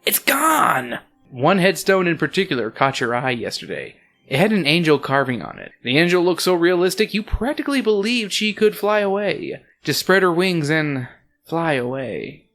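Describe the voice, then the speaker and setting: A man with a somewhat high voice hosts a podcast, reading a story aloud at a moderate pace. He is animated and joking, throwing in crude comedic asides as he goes.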